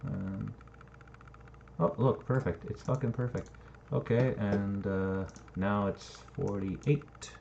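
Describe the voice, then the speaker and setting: Deep-voiced man rambling while building. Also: flat delivery, takes it slowly, vocal fry, warm tone. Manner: rambling, thinking aloud, swears casually. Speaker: game map builder. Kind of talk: casual screen-recording commentary. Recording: dull lo-fi mic with faint noise and typing.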